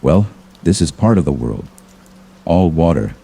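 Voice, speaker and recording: A man's voice: extremely low pitch, big pitch swings, unhurried, gravelly, mellow, slightly rough, heavily acted. A man voicing a bored young male sailor who wisecracks on watch, in a spoken horror story. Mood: bored joking.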